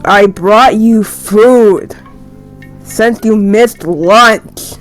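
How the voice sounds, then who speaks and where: A woman voicing a grumpy young male rabbit in a dating game, scolding slowly and firmly. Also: medium pitch, very animated, warm tone, soft background music. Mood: grumbling. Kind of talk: game dialogue read aloud.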